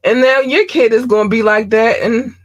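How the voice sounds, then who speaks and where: A woman hosts her own podcast in a loose, unscripted monologue. She speaks bluntly and candidly, drops the odd swear word and fills her pauses with ums. Her voice sits a little higher than most. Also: steady tone. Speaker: podcast host.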